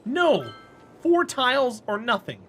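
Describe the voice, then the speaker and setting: A man's voice: very high voice, huge pitch swings, takes it slowly, a bit bright, slight background noise. A man streaming a game and chatting casually with his viewers, friendly and talkative, answering chat by name and laughing often.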